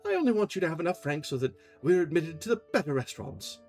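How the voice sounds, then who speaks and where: A man reading aloud and voicing an affectionate, anxious young woman in love, in a soft, higher, fretful voice. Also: very animated, quick pace, soft background music. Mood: tender.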